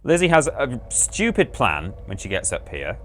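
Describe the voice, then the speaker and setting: A man's voice: mid-range voice, huge pitch swings, moderate pace, a bit bright, slight background noise. A man chatting amusedly as he plays through a game on a livestream, rambling and correcting himself. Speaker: livestream host playing a game. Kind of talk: casual gameplay commentary. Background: faint game music.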